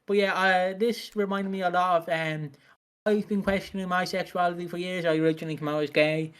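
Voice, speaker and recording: A man's voice: sits high, steady tone, brisk, fairly bright tone, clear, resonant tone. Giggly, chatty man. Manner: chatty and giggly, swears freely. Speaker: podcast co-host. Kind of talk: casual podcast chat.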